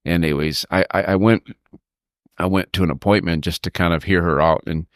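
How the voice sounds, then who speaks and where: A man co-hosting a podcast, telling a personal story with halting pauses and acting out quoted people in a higher voice. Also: no echo, studio quality. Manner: halting, stops to steady himself when emotional; acts out quoted people with raised pitch. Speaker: podcast co-host.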